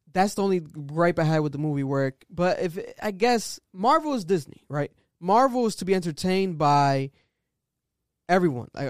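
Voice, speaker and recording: A man's voice: on the high side, clear, resonant tone, no room sound, clean studio sound. A young man co-hosting a podcast, telling stories loosely and animatedly with lots of fillers. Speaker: podcast co-host. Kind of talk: casual chat.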